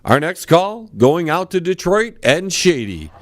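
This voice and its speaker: A man's voice: a little high, very animated, unhurried, a little hiss or hum. A man hosting a comedy call-in radio show, playing the patient straight man.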